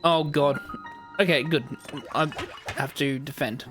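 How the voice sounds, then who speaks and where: Streamer just chatting, joking at their own expense, soft music faint behind. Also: mid-range voice, fairly even intonation, unhurried. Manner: chatty, self-amused, apologetic. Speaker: game streamer. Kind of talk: casual let's-play chat.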